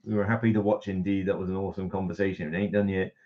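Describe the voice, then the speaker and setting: A man's voice: low voice, flat delivery, rapid-fire. A man with a West Country accent, chatting casually and laughing often on a board game live stream. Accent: West Country English. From West Country, England. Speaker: board game reviewer, guest. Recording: dull lo-fi stream audio.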